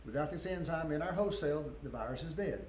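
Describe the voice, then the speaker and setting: A man giving a college biology lecture in a folksy way, repeating key phrases, spelling out terms slowly and often clearing his throat. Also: on the high side, lively intonation, darkish tone, slight background noise, rough recording.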